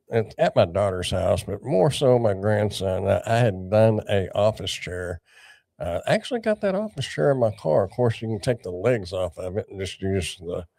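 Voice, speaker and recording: A man's voice: lowish voice, vocal fry, a little mellow, no echo, clean studio sound. An older man hosting a casual livestream, rambling and greeting viewers by name. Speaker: livestream host.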